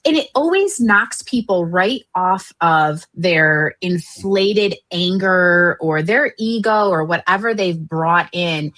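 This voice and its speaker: A woman co-host with a middle-pitched voice. She speaks in an earnest, animated way and pleads with the listeners. The tone is casual panel chat.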